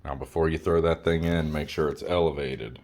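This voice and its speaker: Showing a recipe in his home kitchen, a man shoots a casual tutorial on his phone camera. His rumbling low voice is a little mellow and steady, he talks fairly quickly, and he's blunt and crude, repeating instructions over and over.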